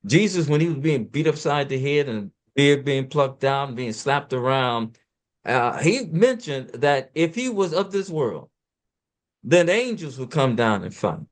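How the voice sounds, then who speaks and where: Fast, preacherly man discussing scripture. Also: mid-range voice, very animated. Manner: preacherly, quoting scripture with emphatic swings; talks fast at times.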